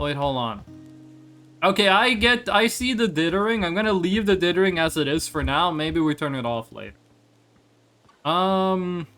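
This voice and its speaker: A man streaming a game live into a desk mic, talking in a high, very lively voice. He rambles, jokes and swears casually as he figures things out. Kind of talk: live gameplay commentary.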